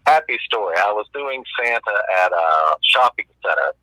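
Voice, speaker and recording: A man's voice: lowish voice, animated, moderate pace, pushed and bright, dry recording, poor audio. A man with a Southern US accent, calling in by phone and telling a funny story with a laugh. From American South. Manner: jovial, laughs at his own stories. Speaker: caller. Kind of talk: casual storytelling.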